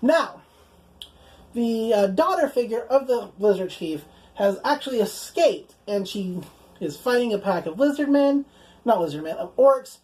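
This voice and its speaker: Chatty young woman with a higher voice. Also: animated, a little slow, darkish tone, poor audio. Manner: chatty, fills speech with "like", swears casually, acts out quoted lines in passing. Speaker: anime reviewer. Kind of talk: casual spoken episode recap.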